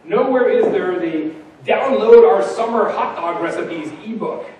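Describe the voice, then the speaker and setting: A man giving a conference keynote, punchy and energetic, full of rhetorical questions. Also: high-pitched, unhurried, very echoey, distant mic, a little hiss or hum, rough recording. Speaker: keynote speaker. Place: large conference hall.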